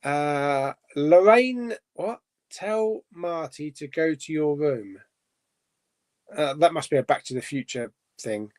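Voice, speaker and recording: A man's voice: a little high, expressive, slow, darkish tone. A man hosting a casual live chat, reading out viewer comments and musing aloud, laughing to himself as he goes. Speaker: host.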